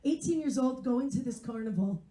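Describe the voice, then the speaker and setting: A woman's voice: sits high, expressive, moderate pace, warm tone, reverberant. A woman in her forties performing a stand-up comedy set, wry and self-mocking as she chats with the crowd. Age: 40s. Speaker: stand-up comedian and English teacher. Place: live comedy venue.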